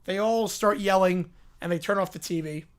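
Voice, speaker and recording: A man hosting a live stream, reading a fan story aloud in a quick, offhand way. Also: high voice, smooth.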